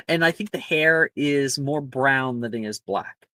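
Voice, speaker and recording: A man narrating a tabletop role-playing game as game master, in a measured descriptive way. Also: mid-range voice, bright, forceful tone, no room sound.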